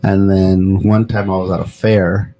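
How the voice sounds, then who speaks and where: A man's voice: sits low, level tone, measured pace, dark tone, poor audio. A man hosting a podcast, telling stories in a loose, profane, casual way with plenty of fillers. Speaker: podcast host.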